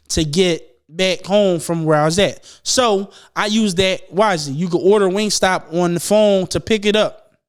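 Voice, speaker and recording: A man's voice: high voice, clean tone. A young man telling a long, profane, laughing story on a casual podcast. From Philadelphia. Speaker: podcast host.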